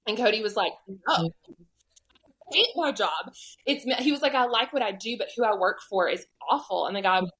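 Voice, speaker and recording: Southern woman telling a lively story. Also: medium pitch, fast talker, few pauses, rough recording. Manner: animated, acts out quoted voices. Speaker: podcast guest. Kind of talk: storytelling testimony.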